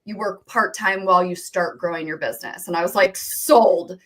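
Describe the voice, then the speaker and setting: Woman coach on a podcast, lively storyteller, lots of "like", acts out the dialogue. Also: fairly low pitch, fast talker, background noise. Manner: animated, acts out quoted dialogue, many "like"s. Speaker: guest, business coach. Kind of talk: casual interview storytelling.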